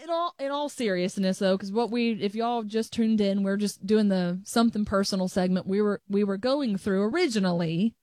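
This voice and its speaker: A woman's voice: medium pitch, moderate pace, hardly any pauses, a little mellow, no echo, clean studio sound. A young adult woman co-hosting a show, telling stories in a chatty way with frequent restarts. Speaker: co-host. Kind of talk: casual chat.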